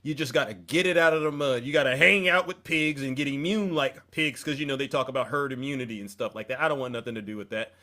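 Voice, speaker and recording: A man's voice: medium pitch, quick pace, few pauses, sharp tone. A man co-hosting a casual political talk show, talking in an emphatic way with exclamations and repeated words. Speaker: co-host.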